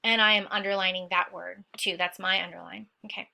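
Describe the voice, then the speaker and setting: A woman teacher presents an essay she wrote, speaking fairly quickly with a medium pitch, fairly even intonation, vocal fry and a sharp tone. She explains the quotes and analysis, frequently pauses to ask "okay?", and is stern about lazy writing.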